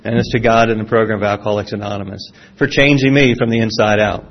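A man's voice: on the low side, steady tone, fast talker. A middle-aged man from Florida with a Southern accent, giving a personal testimony talk to a live audience in a folksy, self-deprecating way. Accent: Southern American. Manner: folksy storytelling with self-deprecating humor, frequent restarts. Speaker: speaker sharing a recovery testimony. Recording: dull lo-fi sound.

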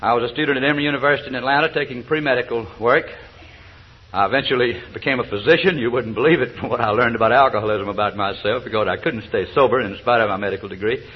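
An older man from South Georgia, US talks fast in a mid-range voice as he gives his personal testimony at a recovery meeting, folksy and joking, chuckling between hesitant fillers. The dull old lo-fi recording carries a little hiss or hum.

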